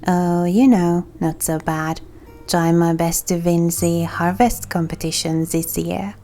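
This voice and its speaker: A woman's voice: fairly low pitch, level tone, slow, warm tone, faint music behind. A woman voicing a hefty male gourd farmer who is competitive and suspicious, with a mild try at a rustic accent.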